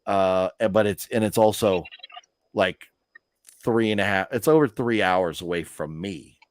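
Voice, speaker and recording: A man's voice: low voice, unhurried, no echo, clean studio sound. A man hosting a live movie news stream, telling stories in a rambling, chatty way with lots of fillers. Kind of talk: casual chat.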